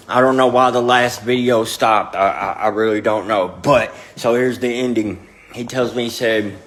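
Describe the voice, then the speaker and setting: A man's voice: medium pitch, steady tone, normal speed, a bit bright. Blunt drawling man telling a story. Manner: blunt, profane, drawling storytelling with filler repetition. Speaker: storyteller recounting his past. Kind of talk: casual storytelling to camera.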